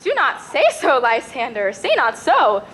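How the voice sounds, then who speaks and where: A girl playing high, pleading spurned maiden. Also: big pitch swings, a little slow, pushed and bright, full character voice. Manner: pleading, breathless verse. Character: Helena, lovesick spurned young woman. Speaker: student actor. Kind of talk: school stage play.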